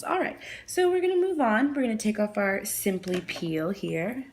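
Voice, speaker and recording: A woman's voice: mid-range voice, big pitch swings, moderate pace, hardly any pauses, slight background noise. A woman talking through a nail art tutorial in a chatty, apologetic way, thinking aloud as she works. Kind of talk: casual tutorial narration.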